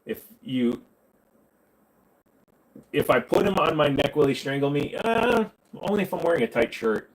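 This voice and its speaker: A man's voice: a little high, animated, normal speed, pauses often, poor audio. A man hosting a casual livestream, answering viewer questions with crude jokes and banter aimed at his chat. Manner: crude joking banter, talking back to chat.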